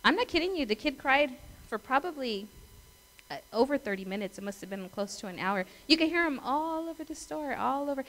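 A woman's voice: high voice, animated, a little fast, a bit bright, rough recording. A middle-aged woman pastor giving a conversational sermon, telling stories, laughing and asking her congregation questions. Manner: chatty storytelling, asks the congregation questions.

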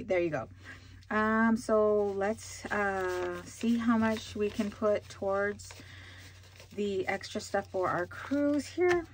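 A woman's voice: medium pitch, slow. A woman hosting a budgeting vlog, chatting casually with many fillers while counting out cash. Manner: bubbly excited exclamations.

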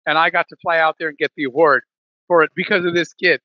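A man's voice: a little high, fairly even intonation, fast talker, no echo, muffled recording. A man in a podcast interview, telling a business story with many restarts and fillers. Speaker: podcast guest, business leader.

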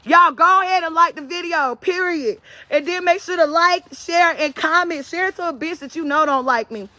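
Woman, North Carolina accent, high bright voice, profane defiant live-stream rant. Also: normal speed, dry recording. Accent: Southern US, North Carolina. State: out of breath at times. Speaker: social media vlogger.

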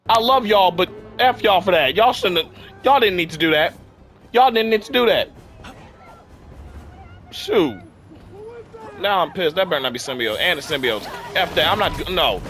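Very animated, a sick young man rants over a game in casual YouTube commentary, exasperated and saying "freaking" again and again, his voice a little worn from illness. He talks at a moderate pace in a high-pitched, bright, forceful tone, with faint music in the background.

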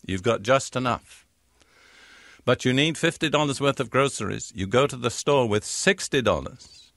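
An older man teaching the Bible in a sermon, slowing down to read scripture verses with measured emphasis. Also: medium pitch, a bit bright, dry recording, studio quality.

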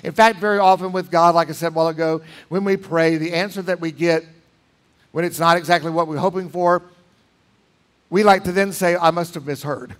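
A pastor preaching in a church, emphatic, with dramatic swings between loud lines and hushed ones. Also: male voice, high-pitched, fairly even intonation, brisk. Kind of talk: sermon. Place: church sanctuary.

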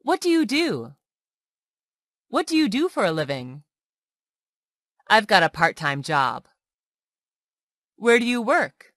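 A woman reading example phrases one by one for English learners, slowly and with clear enunciation. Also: mid-range voice, very animated, a bit bright, no room sound, clean studio sound. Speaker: English tutor.

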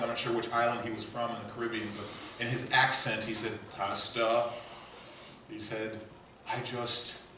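A male pastor preaching a sermon, swinging between loud emphatic lines and quiet hushed asides. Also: lowish voice, background noise. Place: church sanctuary. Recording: echoey church hall heard from a distance.

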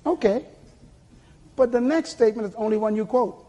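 An older man preaching a sermon to a church congregation with a husky voice, emphatic and calling for responses. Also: very high voice, a little fast, warm tone, lo-fi sound. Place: church sanctuary.

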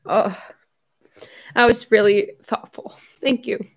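Tearful young woman, a bit high. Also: fairly even intonation, creaky. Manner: halting, lots of fillers, soft laughs. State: tearful, crying. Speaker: YouTuber hosting a livestream. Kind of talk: casual livestream chat.

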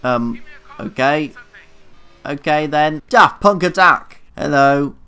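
A man's voice: on the high side, takes it slowly, bright, forceful tone, clean tone, soft background music. A young man commenting casually on his own gameplay, flustered, swearing a lot and mocking himself. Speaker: gaming YouTuber. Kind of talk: casual let's play commentary.

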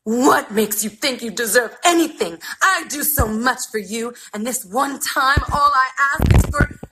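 A woman's voice: mid-range voice, very animated, normal speed, voice pushed up, lightly acted. A woman voicing a prim, anxious mother who scolds her son in a hiss and puts on genteel airs. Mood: furious.

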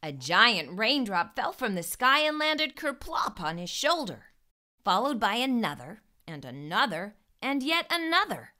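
A woman hosts a children's storytime and reads a picture book aloud with expressive narration. Her voice is bright and fairly high, and it moves up and down in a lively way. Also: measured pace. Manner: warm expressive read-aloud. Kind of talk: read-aloud storytelling for kids.

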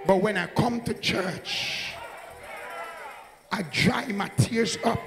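A man with a Jamaican accent preaching a Pentecostal sermon, shouting and half-singing in bursts, then dropping low and hushed. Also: slow, pauses often, in a large hall. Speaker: apostle and preacher. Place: church service. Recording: live church sermon with loud music. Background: church music.

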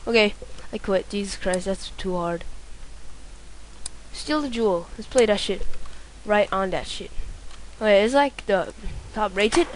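A woman doing let's play commentary, excitable, swearing a lot and yelling at the game. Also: fairly high pitch, moderate pace, very noisy. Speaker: gameplay commentator.

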